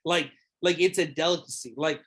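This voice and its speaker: A man's voice: a little high, steady tone, normal speed, fairly bright tone, slightly rough. A young man chatting casually on a podcast, rambling with lots of fillers and swearing. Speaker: podcast host or guest. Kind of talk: casual chat.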